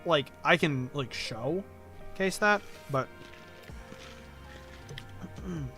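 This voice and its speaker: A man's voice: fairly high pitch, animated, extremely slow, pushed and bright, soft background music. A man streaming a game, chatting casually in a rambling, self-deprecating way. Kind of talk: casual gameplay commentary.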